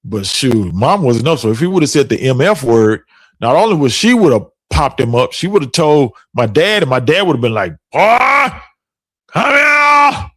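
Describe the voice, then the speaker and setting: A man's voice: mid-range voice, sing-song, brisk, dry recording. A middle-aged man hosting a podcast, telling stories in a casual chat and laughing often. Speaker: podcast host.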